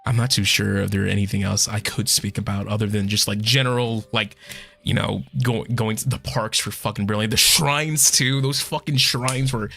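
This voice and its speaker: A man streaming a casual chat, excitable and swearing often, his voice going hoarse. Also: on the low side, normal speed, soft background music.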